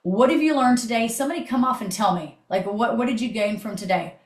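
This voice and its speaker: A woman hosting a motivational video call, energetic and chatty, swearing casually. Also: on the high side, fast talker, reverberant. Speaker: host.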